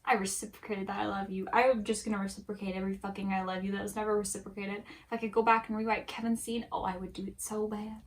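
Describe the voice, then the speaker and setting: A woman reads her own fan story aloud and keeps breaking off to comment on it. She is candid and quick to laugh, and she swears freely while she rants. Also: mid-range voice, level tone. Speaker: fanfic author reading her story. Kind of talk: casual reading with commentary.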